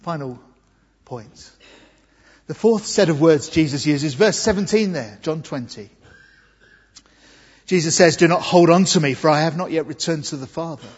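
A man from England delivers an Easter sermon in a church, earnest and emphatic, dwelling slowly on key words. His voice is breathy and a little high for a man. The sound is dull and washed in the long reverb of a large hall. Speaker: preacher.

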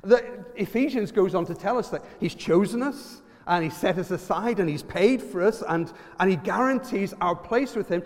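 A man with an Irish accent preaching a lively sermon, quizzing the congregation and using props. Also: sits high, moderate pace, hardly any pauses, long reverb tail.

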